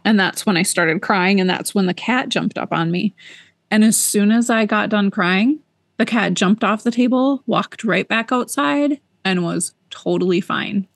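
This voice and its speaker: A woman co-hosting a podcast, telling a personal story in a casual, animated way and repeating words for emphasis. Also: mid-range voice, unhurried, no echo. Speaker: podcast co-host.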